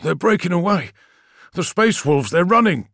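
A man's voice: fairly high pitch, normal speed, a bit bright, dry recording, clean studio sound, voice pushed up. A man voicing a shaken, fussy tech adept who speaks breathily and anxiously. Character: shaken, pedantic male tech-priest adept.

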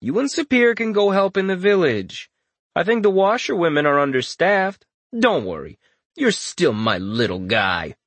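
A man's voice: a little high, sing-song, unhurried, a bit bright, breathy edge, no echo, voice pushed up, full character voice. A man voicing a scheming young male lord who talks with oily, mock-sympathetic condescension. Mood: mock-soothing.

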